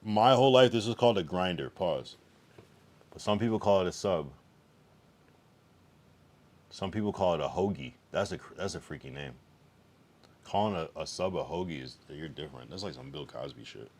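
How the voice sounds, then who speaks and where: A man's voice: deep voice, expressive, normal speed, long pauses. A young man from the East Coast of the United States, chatting loosely and profanely with his live chat while streaming. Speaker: livestreamer. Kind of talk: casual livestream chat.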